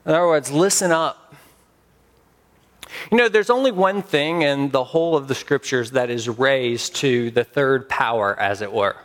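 A man preaching a sermon as pastor, emphatic with dramatic pauses. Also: mid-range voice, fairly bright tone.

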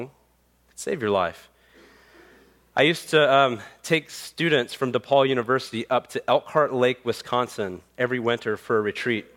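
Animated male preacher in a sermon. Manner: animated, rising for emphasis and dropping to quiet low endings; conversational storytelling with fillers. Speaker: pastor.

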